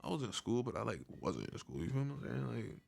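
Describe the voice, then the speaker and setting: A man's voice: mid-range voice, very animated, fast talker, vocal fry, darkish tone. A man voicing a stoned young man with a New York accent, speaking in a lazy, mumbling drawl. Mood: rambling.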